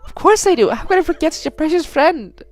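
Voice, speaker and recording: A woman voicing a gentle, tearful young girl droid in a game, with a high pleading voice. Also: animated, quick pace, soft background music.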